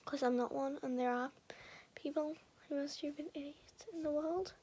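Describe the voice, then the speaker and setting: A woman's voice: high voice, steady tone, moderate pace, mellow, a little hiss or hum. A young woman rambling to the camera in a casual vlog, defiant and mock-tough. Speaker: vlogger.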